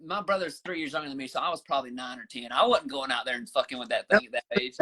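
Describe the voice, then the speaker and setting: A man's voice: medium pitch, lively intonation, rapid-fire, pushed and bright. A man with a Southern accent, a podcast guest telling long profane stories full of restarts and fillers. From rural Southern US. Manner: profane, rambling storyteller with many restarts. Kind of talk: casual podcast chat.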